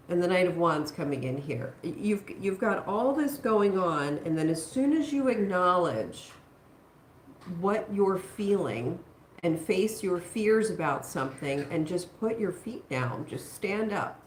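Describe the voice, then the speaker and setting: Low-voiced woman giving tarot readings. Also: reverberant, slight background noise. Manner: reassuring, thinking aloud with pauses. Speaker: tarot reader. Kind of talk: live-streamed tarot reading.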